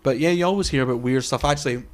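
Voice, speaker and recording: A man in a loose podcast conversation, circling his point through ums, false starts and the odd swear word. His voice sits at an ordinary middle pitch for a man. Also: very fast. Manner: rambling, many fillers and restarts, swears casually. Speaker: podcast co-host. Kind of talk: casual chat.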